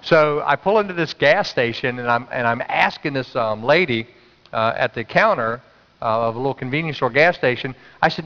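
A man preaches a Sunday sermon in a big church hall, and his voice trails off in a long echo. He sits in the middle of the range in pitch and talks casually. He tells everyday stories and keeps urging the congregation to say things back. The recording sounds a bit dull. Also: moderate pace. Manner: conversational storytelling, urging the congregation to respond. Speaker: pastor. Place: church sanctuary.

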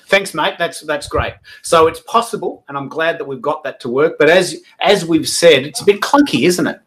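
A man's voice: fairly high pitch, moderate pace, fairly bright tone, low-quality recording. Chatty man hosting a livestream. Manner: chatty, self-deprecating, restarts often. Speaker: livestream host. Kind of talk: casual panel chat. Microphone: video call.

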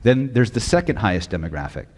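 A man's voice: lowish voice, big pitch swings, fast talker, a little mellow, long reverb tail. A man teaching hypnosis at a live seminar, blunt and profane, often quizzing the audience. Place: lecture hall with audience.

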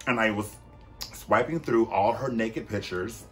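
A man hosting a vlog in casual, chatty commentary. He talks animatedly, with swooping pitch, sudden loud bursts and frequent fillers. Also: measured pace, faint music behind. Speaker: vlog host.

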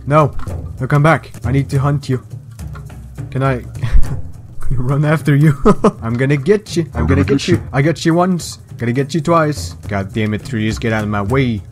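A man's voice: mid-range voice, normal speed, soft background music. A young man hosting a gaming video, giving playful, jokey commentary and narrating the game as a mock story. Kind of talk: casual let's-play commentary.

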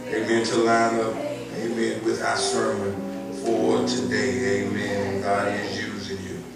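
A man's voice: lowish voice, monotone, slow, creaky, loud music behind the voice. A male pastor with a Southern accent preaching a sermon, scattering amens and building to emphatic lines. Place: church sanctuary. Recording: echoey church, heard from far off.

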